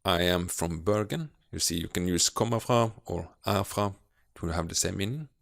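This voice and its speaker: A man giving a video grammar lesson as a teacher, explaining slowly and patiently with frequent hesitations. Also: sits low, gravelly, dry recording, clean studio sound. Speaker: language teacher.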